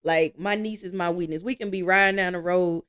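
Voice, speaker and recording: A woman, telling stories with lively energy and easy laughs as a guest in a casual interview. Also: lowish voice, fairly quick, clear, resonant tone. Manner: lively storytelling, laughs easily.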